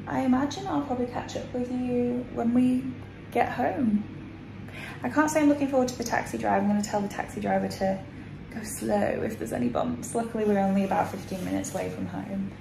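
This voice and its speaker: A woman vlogs to camera in a fairly high, creaky voice at a moderate pace, tired and a little out of breath, rambling casually with lots of fillers. She's recorded on a phone in a small room, against a noisy background.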